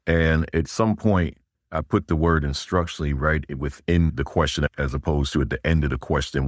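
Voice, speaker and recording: Very deep-voiced man, emphatic speaker. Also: moderate pace, dry recording, studio quality. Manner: emphatic, rising on key words. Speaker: guest, school leadership speaker. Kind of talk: interview answers.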